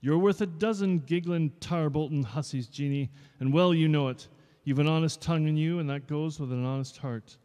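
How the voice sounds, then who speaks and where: A charming young poet coaxes and flatters a girl in a lifted, warm voice, as a man reads him aloud. The words hang in a long reverb from a large room. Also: fairly high pitch, normal speed, few pauses, pitched above the performer's own voice, natural voice. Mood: coaxing. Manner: coaxing, flattering.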